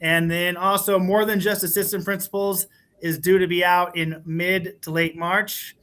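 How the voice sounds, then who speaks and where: A man's voice: high-pitched, little pitch movement, unhurried, sharp tone. A man who is a school administrator, telling a heartfelt teaching story on a panel in an earnest way with many fillers.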